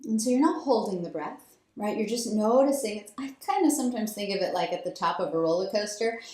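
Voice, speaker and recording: A woman yoga teacher giving calm, slow breathing instructions. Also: medium pitch. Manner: calm, slow guiding cues, growing softer. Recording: roomy echo.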